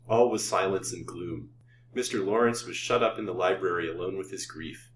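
Low-voiced man reading an old novel. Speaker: storyteller. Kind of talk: reading a classic novel aloud. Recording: roomy, distant mic, faint hum.

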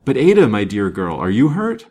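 A man voicing an earnest young gentleman of an old romance, raising his voice above his own to sound eager and anxious. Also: lowish voice, huge pitch swings, normal speed, husky, heavily acted.

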